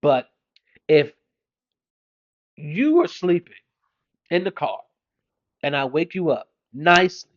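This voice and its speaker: A man's voice: on the high side, lively intonation, slow pace, pauses often, lo-fi sound. A man in his thirties, a father doing an exasperated comedic monologue about his kids.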